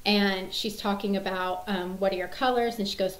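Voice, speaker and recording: A woman's voice: mid-range voice, fairly even intonation, normal speed, echoey room, rough recording. A woman in her thirties chatting casually to camera, rambling with many fillers and restarts. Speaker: mom sharing favorite movie quotes.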